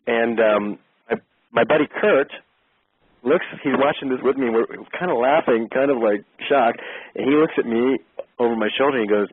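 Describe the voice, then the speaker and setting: A man, an actor, telling an animated story in an interview and acting out the voices of the people he quotes. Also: medium pitch, moderate pace, breathy edge, no echo, phone-quality sound. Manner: lively, acts out quoted voices.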